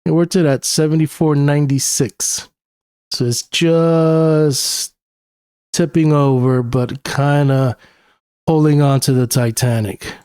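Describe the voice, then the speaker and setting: A man's voice: on the high side, fairly even intonation, slow pace, warm tone, smooth, no room sound, studio quality. A young man with a New York accent talks casually through market charts as a technical analyst, thinking aloud with plenty of uhs and you-knows. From New York City. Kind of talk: screen-share chart analysis.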